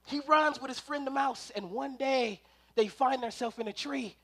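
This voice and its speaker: Very high-voiced man preaching animatedly. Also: normal speed. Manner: animated, acting out scenes, swings from loud to hushed. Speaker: preacher at a spiritual center. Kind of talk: sermon with storytelling. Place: live church service.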